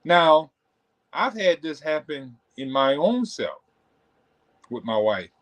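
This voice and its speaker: A man hosting a livestream, talking in an animated, conversational way with many asides. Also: a little high, slow. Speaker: host. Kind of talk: motivational talk on a livestream.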